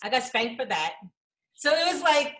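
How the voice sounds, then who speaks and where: A woman's voice: high voice, moderate pace, echoey room. A woman, a comedian guest, telling funny stories in casual podcast chat and acting out voices. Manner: animated, acts out voices in stories.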